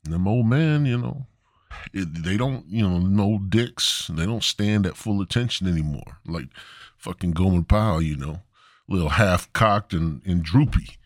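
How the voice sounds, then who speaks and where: A man's voice: low voice, unhurried, no echo, clean studio sound. A man hosting a podcast, ranting crudely and rambling in a stand-up style. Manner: profane, rambling, swooping delivery. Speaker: podcast host.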